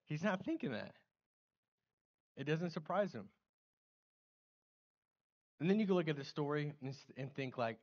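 A middle-aged man preaching a sermon in a church, casual and animated, with slang and acted-out asides. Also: fairly high pitch, normal speed, long pauses, highs cut off. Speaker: pastor.

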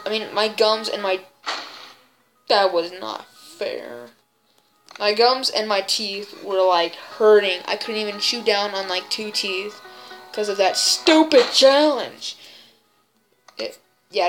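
A woman giving excitable gameplay commentary in a put-on silly voice, full of exclamations. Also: medium pitch, measured pace. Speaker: gaming video creator. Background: game music.

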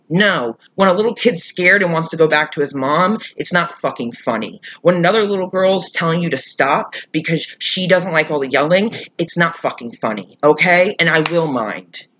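A YouTuber telling a storytime vlog while irate and upset, swearing a lot and swinging from loud outbursts to quiet muttering. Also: medium pitch, slightly rough.

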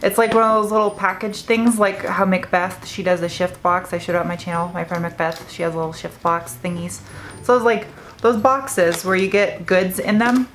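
A young woman hosting her car vlog, talking casually and getting excitable as she opens gifts from viewers. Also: on the low side, moderate pace, slight background noise. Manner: chatty, excitable when unboxing gifts. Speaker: car vlogger and host.

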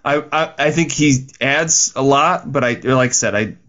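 Movie podcast co-host, male, mid-pitched, casual, eager, stumbles over words. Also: normal speed, a bit bright. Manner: enthusiastic, casual, swears, stammers. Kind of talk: casual movie review chat.

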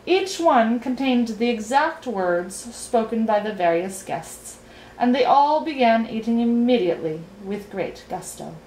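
A woman reading a children's novel aloud in an expressive storytelling voice. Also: a little high, measured pace, slight background noise. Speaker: reader. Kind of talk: storybook read-aloud narration. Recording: roomy echo, faint ambience.

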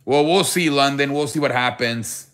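A man's voice: mid-range voice, normal speed, a bit bright. A man hosting a casual live sports stream, reading the chat and greeting viewers by name, with a running "I beg your pardon" joke.

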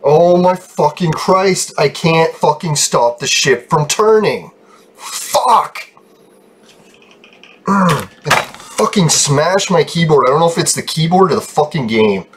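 A man's voice: on the high side, lively intonation, unhurried, slight background noise. A young man giving profane, frustrated commentary over his gameplay, breaking into laughs. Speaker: game video creator.

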